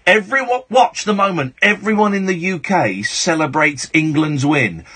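A male late-night radio host speaking into a studio mic, his bright, husky voice pitched high and swinging widely. He rambles and jokes, and breaks into bursts of mock outrage. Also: expressive, normal speed.

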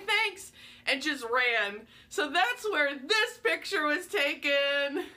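Young woman, high and bright, gushing casual storyteller; vlog host. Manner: excitable, gushing, many fillers. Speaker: vlogger.

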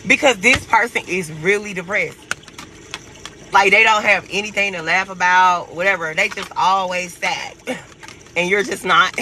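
Animated, profane, high-voiced man reading tarot. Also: slight background noise, rough recording. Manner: profane, animated, laughs a lot. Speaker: tarot reader. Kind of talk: casual tarot reading for viewers.

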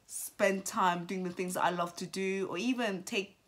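A woman's voice: mid-range voice, steady tone, normal speed. A woman in her twenties, a vlogger and entrepreneur, talking to the camera in a heartfelt, reflective way and repeating phrases for emphasis. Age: 20s. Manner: emotional, close to tears at times. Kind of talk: reflective birthday vlog talk. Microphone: camera mic, talking to camera.

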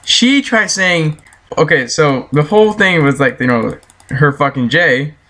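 Man, casual rant, profane, heated, slightly high pitch. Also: animated, unhurried, pushed and bright. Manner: profane, heated, laughs often. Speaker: vlogger telling a story.

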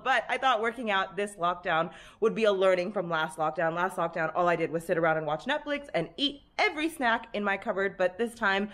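A young woman vlogging at home, chatting to the camera in an upbeat, rambling way. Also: mid-range voice. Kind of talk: casual vlog chat to camera. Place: at home in an apartment.

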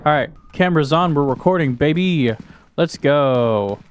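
A man's voice: on the high side, lively intonation, measured pace, a little hiss or hum. A young man giving casual gaming commentary, joking crudely, talking to himself and yelping when startled. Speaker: gaming YouTuber.

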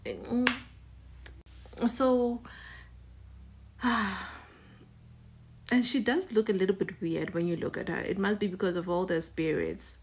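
A woman's voice: medium pitch, fairly even intonation, slow, long pauses, slightly rough. A woman hosting a reaction video in a casual, conversational way, often repeating words and phrases for emphasis.

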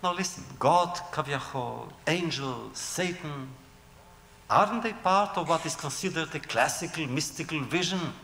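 Guy telling old stories as a lecture, lively voice going up and down, pitched a bit high, echoey hall. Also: measured pace, vocal fry, a little hiss or hum. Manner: animated storytelling with rhetorical questions. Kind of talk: storytelling lecture.

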